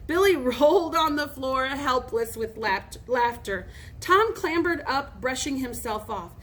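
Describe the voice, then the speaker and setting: Expressive woman reading aloud. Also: sits high, a little slow. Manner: expressive, lively read-aloud. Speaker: storybook reader. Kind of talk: reading a children's novel aloud.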